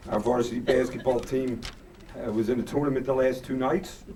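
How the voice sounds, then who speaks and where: Male presenter with a hoarse, worn voice, self-deprecating and joking. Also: medium pitch, steady tone, fairly quick, warm tone, far from the mic, a little hiss or hum. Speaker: award presenter. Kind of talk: humorous banquet speech.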